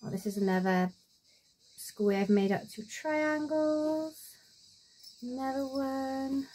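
A woman's voice: mid-range voice, lively intonation, measured pace, a little mellow, breathy edge, soft background music. Chatty woman showing crafts. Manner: chatty and rambling, with many fillers and trailing asides. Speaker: crafter showing her sewing projects. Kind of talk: casual show-and-tell vlog. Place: at home.

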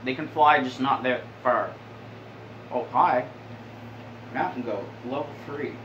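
A man's voice: mid-range voice, measured pace, reverberant, dull audio, background noise. A young man hosting, giving casual, crude and rambling commentary with a joking manner. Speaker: host.

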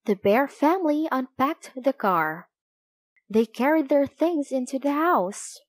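Lady reading a kids book out loud, slow n lively, dry close sound. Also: high-pitched, no room sound. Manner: clear, expressive, deliberate reading. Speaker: storybook reader. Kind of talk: children's read-aloud.

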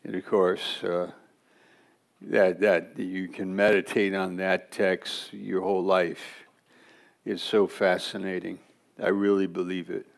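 Slow, gravelly man teaching a Bible class. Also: sits low, flat delivery. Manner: conversational, digressive teaching with quick asides. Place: church classroom.

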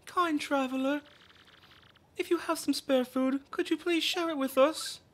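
A woman voicing a gentle mother of hungry kids as she reads game dialogue aloud, polite and pleading. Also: sits high, steady tone, a little slow, pitched above the performer's own voice.

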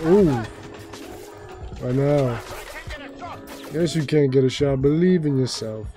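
A man streaming a video game, commenting casually with excitable swearing and jokey outbursts. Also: mid-range voice, slow pace, pauses often, faint music behind. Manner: excitable, profane, jokey, bursts into silly singing.

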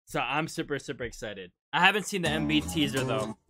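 A music video reactor giving casual, excitable commentary, often breaking off to exclaim and pause the video. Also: medium pitch.

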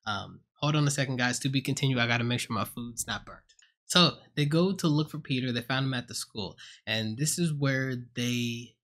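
A man's voice: mid-range voice, moderate pace, fairly bright tone. A man giving a casual spoken movie review at home on a close mic, retelling scenes with jokes, swearing and acted-out quotes. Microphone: own desk mic, close.

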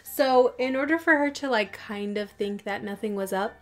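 A young woman vlogs straight to camera in a slightly high voice, chatty and a little nervous. She giggles between thoughts and leans heavily on "like" as she talks things through. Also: normal speed, faint music behind. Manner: nervous, giggly, many "like" fillers. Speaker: vlogger. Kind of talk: casual vlog talk to camera.

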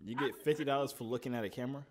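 Fast-talking teasing young man. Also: mid-range voice. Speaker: video host. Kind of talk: casual video-chat banter.

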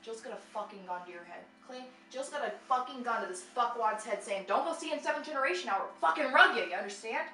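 An actress playing a domineering woman who swears and shouts orders. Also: fairly high pitch, expressive, quick pace, hardly any pauses. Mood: bossy. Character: foul-mouthed bossy woman barking orders. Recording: roomy sound from a distance, faint noise.

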